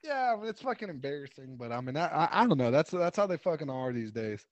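A man's voice: a little high, very animated, quick pace, no room sound, muffled recording. A man co-hosting a podcast in casual chat, laughing often, swearing freely and retelling scenes with quotes. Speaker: podcast co-host.

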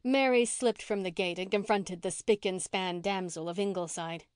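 A woman narrates a classic novel in a measured, expressive reading. Her voice sits at a middling pitch. The recording is close and dry, with no room sound. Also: smooth, no echo. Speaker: audiobook narrator. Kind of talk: scripted narration.

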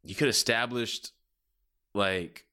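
A man's voice: on the low side, slow pace, bright, forceful tone. A man hosting a podcast, giving a casual rambling review full of filler phrases and restarts. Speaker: podcast host.

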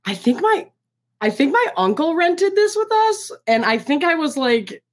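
A woman's voice: sits high, big pitch swings, normal speed. A young woman chatting as a guest on a movie review talk. She speaks casually, stringing thoughts together with frequent filler words and recounting anecdotes.

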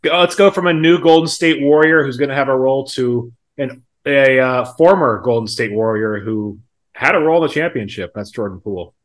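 A man's voice: mid-range voice, brisk. Easygoing man co-host thinking aloud. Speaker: podcast co-host. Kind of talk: casual chat.

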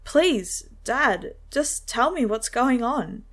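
A woman's voice: high voice, big pitch swings, extremely slow, voice pushed up, full character voice. A woman doing a frightened, shaky young son. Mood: pleading. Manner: shaky, soft and pleading.

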